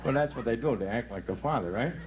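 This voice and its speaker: Man, stand-up comic, lively pitch, folksy and chuckling, faint room noise. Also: fast talker. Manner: folksy, laughs at his own jokes. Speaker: stand-up comedian. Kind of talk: stand-up joke telling to a live crowd.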